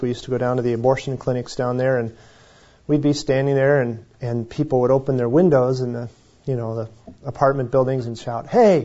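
A man with a mellow, dark voice leads a Bible study in a casual, chatty way. He often restarts his sentences and laughs softly. The recording sounds dull and lo-fi. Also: medium pitch. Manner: conversational, self-correcting, chuckles. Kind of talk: informal Bible teaching.

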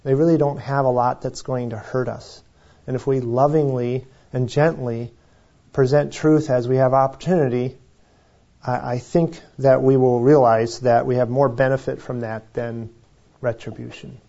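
A man with a mellow, dark voice leads a Bible study in a casual, chatty way. He often restarts his sentences and laughs softly. The recording sounds dull and lo-fi. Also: mid-range voice, fairly even intonation, moderate pace, vocal fry. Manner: conversational, self-correcting, chuckles. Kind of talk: informal Bible teaching.

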